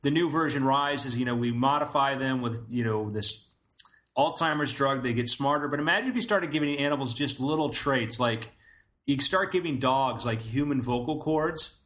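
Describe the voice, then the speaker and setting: Bright-toned man chatting excitedly. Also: mid-range voice, normal speed. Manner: enthusiastic, lots of "you know". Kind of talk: casual comedic chat.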